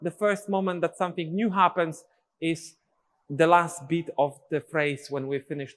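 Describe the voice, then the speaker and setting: A man's voice: fairly high pitch, moderate pace, a bit bright, long reverb tail. A male dance teacher, explaining steps and counting rhythms aloud in syllables. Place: dance studio.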